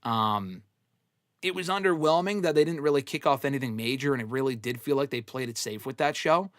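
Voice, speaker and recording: A man's voice: medium pitch, expressive, fairly quick, dry recording, clean studio sound. A man hosting a live wrestling Q&A show, giving blunt, opinionated takes in a casual, swear-heavy way. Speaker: wrestling podcast host answering fan questions.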